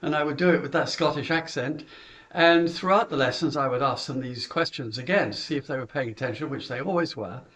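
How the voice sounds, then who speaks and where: A man's voice: medium pitch, a little fast, a bit bright. A middle-aged British man, a golf coach, chattily recounting how he runs his junior lessons, with chuckles and filler words. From Britain.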